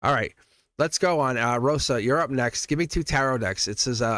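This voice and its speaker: A man's voice: mid-range voice, normal speed, fairly bright tone, no room sound, clean studio sound. A man giving a casual live-stream tarot reading. He talks in a chatty, emphatic, reassuring way and laughs often between phrases.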